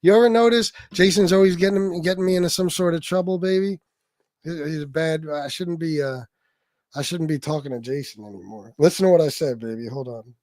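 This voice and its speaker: A man's voice: fairly high pitch, fairly quick, darkish tone, no echo, studio quality. A man in his forties hosting a casual livestream, rambling and joking with plenty of profanity, stammering when flustered. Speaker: livestream host. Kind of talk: casual live-stream chat.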